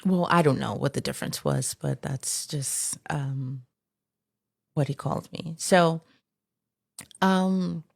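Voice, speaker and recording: Middle-aged woman guest, deep fry-edged voice, matter-of-fact storyteller. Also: takes it slowly, pauses often, no echo. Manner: conversational, filler-heavy, matter-of-fact. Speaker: interview guest. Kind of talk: casual interview storytelling.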